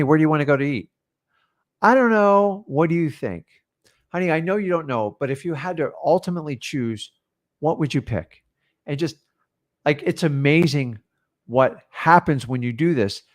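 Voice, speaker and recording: A man coaching a class on real estate deals, talking in punchy, direct bursts and acting out sample lines with sellers. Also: a little high. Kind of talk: live training talk.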